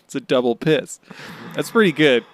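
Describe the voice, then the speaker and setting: A man's voice: mid-range voice, expressive, moderate pace, no echo. A man co-hosting a podcast in casual chat, jokey and rambling, on a close mic. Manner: jokey, rambling with fillers and laughs. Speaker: podcast co-host.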